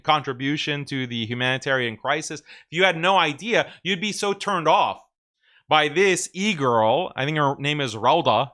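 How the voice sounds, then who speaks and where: Sarcastic male host with a bright voice. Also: a little high. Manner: sarcastic and mocking, with frequent chuckles. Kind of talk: casual commentary.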